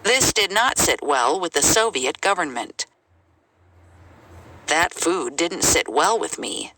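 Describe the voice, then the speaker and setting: Lively woman reading example sentences. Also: low voice, takes it slowly. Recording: noisy recording.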